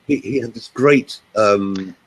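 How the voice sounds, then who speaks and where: An older man, a voice coach, chatting in a casual webinar and telling animated stories. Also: fairly low pitch, takes it slowly, breathy edge, low-quality recording.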